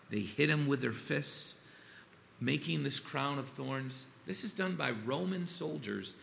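A middle-aged man preaching a sermon, earnest and halting, with many fillers and restarts. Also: mid-range voice, gravelly, sharp tone. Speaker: pastor. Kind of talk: sermon with scripture reading. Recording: long reverb, faint ambient noise.

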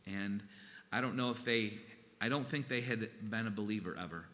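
A man preaching a sermon in an earnest, halting way, with pauses and restarts. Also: lowish voice, big-room sound. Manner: earnest, halting, gets emotional and softens. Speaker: pastor.

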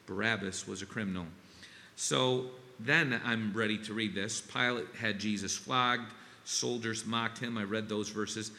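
A middle-aged man preaching a sermon, earnest and halting, with many fillers and restarts. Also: on the low side, steady tone, creaky, bright, forceful tone. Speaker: pastor. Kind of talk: sermon with scripture reading. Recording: long reverb, faint ambient noise.

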